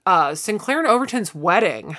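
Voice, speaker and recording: A woman's voice: lowish voice, big pitch swings, moderate pace, sharp tone. A woman co-hosting a podcast in casual chat, retelling scenes and acting out the characters' lines in quoted voices. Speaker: podcast co-host.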